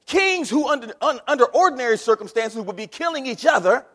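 A man delivers a sermon in a high, very lively voice. He swings from shouted lines to near-mutters. The sound carries a long reverb, as if from a big church sanctuary. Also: a little fast, few pauses. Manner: animated preaching, swings from shouting to low murmurs. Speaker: preacher. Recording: long reverb of a large hall.

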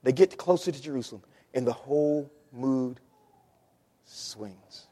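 A man preaching a sermon as pastor, swinging between hushed, near-tearful passages and loud shouted climaxes. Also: medium pitch, a little slow. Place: church sanctuary. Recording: long hall reverb.

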